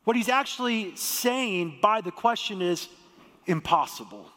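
High-voiced pastor preaching in a hall. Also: male voice, a little slow. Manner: lively, joking storyteller. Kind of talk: sermon. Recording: long hall reverb.

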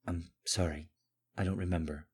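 A man's voice: sits low, steady tone, normal speed, breathy edge, full character voice. A man voicing a nervous, eager young man who sounds flustered and breathless when he pleads.

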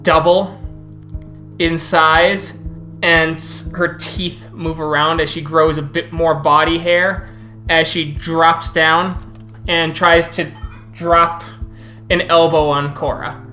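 A woman as storyteller, narrating a tabletop game in an unhurried, halting way. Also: low-pitched, flat delivery, sharp tone, soft background music.

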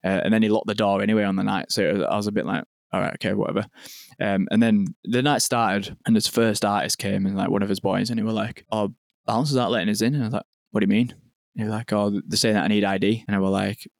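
A young man tells a story in quick, rambling podcast chat, full of "like" and swearing. His voice sits low and barely moves in pitch. The sound is dry and close. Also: vocal fry, no room sound. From England. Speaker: podcast guest, venue owner.

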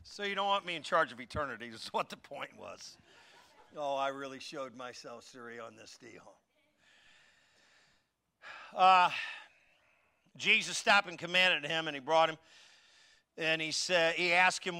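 A high, very bright and forceful male voice delivering a sermon. He tells stories with comic timing, jumping from loud exclamations down to mumbled asides. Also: normal speed, long pauses. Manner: animated, jokey, swings between shouting and muttering asides. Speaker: pastor. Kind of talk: storytelling sermon.

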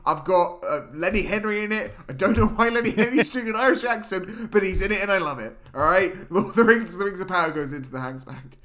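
Male podcast co-host, high voice, deadpan comic ranter. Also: fast talker, few pauses. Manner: deadpan mock-serious ranting. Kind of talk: comedic film review chat.

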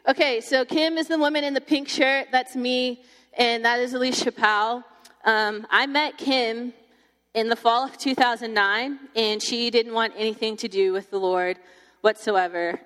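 Chatty young woman in an echoing hall. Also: medium pitch. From Texas. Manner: chatty, animated storytelling with many fillers. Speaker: campus ministry speaker. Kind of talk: testimony talk to a group. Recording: long hall reverb.

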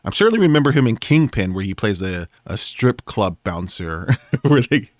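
A man's voice: lowish voice, very animated, normal speed, no echo, clean studio sound. A man co-hosting a film podcast, chatting casually and laughing often as he quotes movie lines. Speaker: podcast co-host.

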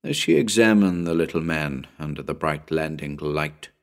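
A man's voice: rumbling low, normal speed. A man narrating a spooky story as an audiobook, building suspense in a dramatic storytelling manner.

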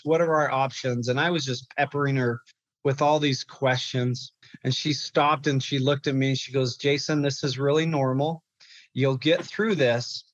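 Young male guest, halting emotional storytelling, dry close lo-fi sound. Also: mid-range voice, a bit bright, no room sound. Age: young adult. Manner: halting, repeats words when upset. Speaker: guest, clinical therapist.

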